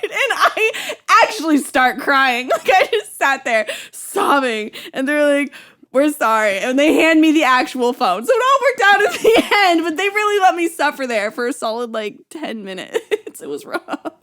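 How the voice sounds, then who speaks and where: A young woman co-hosts a relaxed podcast conversation. Her voice sits a bit high and moves through a wide range. She tells her stories with plenty of laughter. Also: normal speed. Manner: giggly, animated storyteller. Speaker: podcast co-host. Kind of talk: casual chat.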